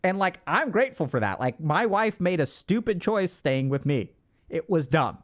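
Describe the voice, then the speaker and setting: A man in his thirties talks straight to his livestream chat, handing out blunt life advice. His voice sits a bit high for a man and leaps up and down with lots of lively movement, and he is emphatic and casually profane. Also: normal speed. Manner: emphatic, animated, swears casually.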